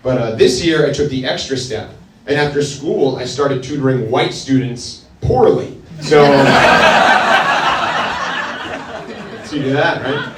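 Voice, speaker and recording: A male stand-up comedian with a hesitant, deadpan delivery full of pauses. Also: mid-range voice, recorded from a distance, noisy background. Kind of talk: stand-up set. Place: comedy club stage with laughing audience. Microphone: handheld stage mic. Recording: roomy club sound, audience laughter.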